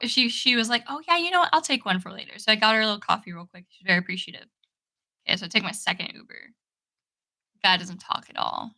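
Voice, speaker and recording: A woman's voice: medium pitch, bright, forceful tone. A woman co-hosting a podcast, telling a rambling story in casual chat and swearing casually. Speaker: podcast co-host.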